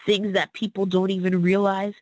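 A woman's voice: medium pitch, moderate pace, dry recording, poor audio. A woman as a podcast guest, telling her own story in an earnest, casual way and acting out the people she quotes. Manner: earnest, acts out quoted people in lively voices.

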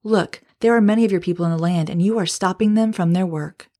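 A woman reading the lines of a haughty, scornful male king, in her own low, mellow voice with little change. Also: fast talker, close to an everyday voice. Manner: dismissive, scolding.

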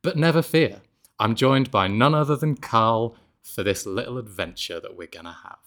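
A man's voice: medium pitch, normal speed, a bit bright. Laughing, self-deprecating male podcast host. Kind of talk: casual podcast chat. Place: apartment in Mexico.

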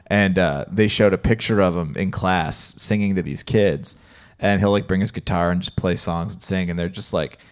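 Low-voiced joking male podcast co-host. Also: fairly even intonation, moderate pace, clean tone. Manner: joking, teasing. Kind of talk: casual chat.

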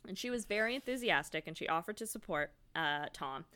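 A woman's voice: fairly low pitch, animated, brisk, bright, forceful tone, clean tone. A woman co-hosting a podcast, telling a history story in casual chat and laughing often. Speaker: podcast co-host.

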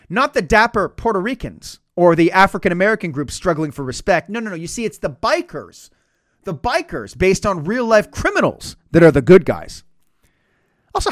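Guy ranting on his podcast, sarcastic and sweary, pretty high voice that jumps all over. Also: a bit bright, no echo, studio quality. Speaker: podcast host. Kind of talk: comedic podcast commentary.

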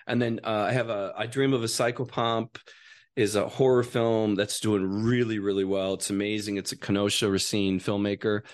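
A man's voice: fairly low pitch, flat delivery, moderate pace. A man from Wisconsin, a writer and actor, chatting as a studio guest and telling a long, rambling story full of restarts. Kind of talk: casual studio chat.

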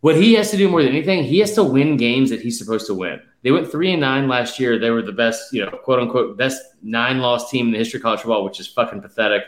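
A man in a casual sports chat reels off numbers and predictions with emphatic drive, sounding slightly out of breath. His mid-pitched voice sits in an echoey room that rings around every line. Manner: rapid stat-heavy, emphatic, with fillers. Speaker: podcast host.

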